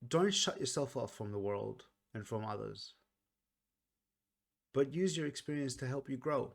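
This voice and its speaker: A man talking casually through a song's meaning, earnest and reflective, often pausing and restarting his sentences. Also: medium pitch, animated, vocal fry. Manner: earnest, reflective, soft-spoken. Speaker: music reaction vlogger. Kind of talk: casual song commentary.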